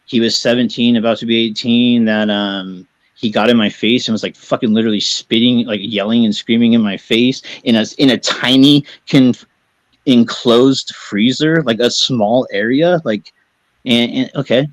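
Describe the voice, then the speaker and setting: Worked-up guy ranting defensively, cussing nonstop, mid-pitched voice, dead dry sound. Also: fairly even intonation, normal speed, dry recording, low-quality recording. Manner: agitated, defensive, heavily profane, rambling. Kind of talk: heated live-stream talk.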